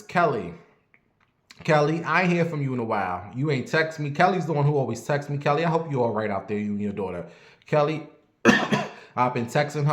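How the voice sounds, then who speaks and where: Chatty man livestreaming in an echoey room. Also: mid-range voice. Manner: animated, rambling, chatty. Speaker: livestream host. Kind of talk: casual livestream chat with viewer shout-outs.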